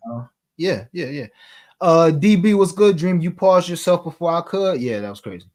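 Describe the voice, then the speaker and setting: A man's voice: a little high, expressive, normal speed, darkish tone. A man hosting a sports betting talk show, chatting casually in slang and reading viewer comments aloud.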